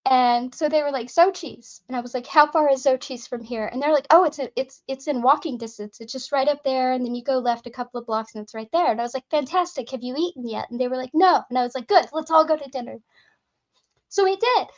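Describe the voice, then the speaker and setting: A woman chatting casually, telling lively anecdotes full of fillers and acting out the people she talked to. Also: high voice, fast talker, dull audio. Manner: lively anecdotes, frequent fillers, acts out both sides of dialogue. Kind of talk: casual storytelling chat.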